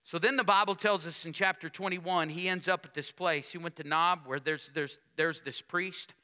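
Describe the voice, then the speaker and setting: Male preacher, high and very bright tone, call-and-response sermon with dramatic scripture reading. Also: steady tone, moderate pace. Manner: call-and-response preaching, rhetorical questions to the congregation; reads scripture aloud with dramatic emphasis.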